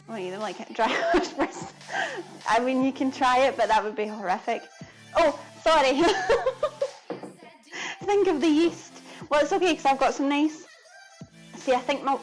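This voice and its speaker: A woman's voice: sits high, lively intonation, measured pace, pauses often, soft background music. A woman chatting casually to her viewers during a live cooking stream, giggling often.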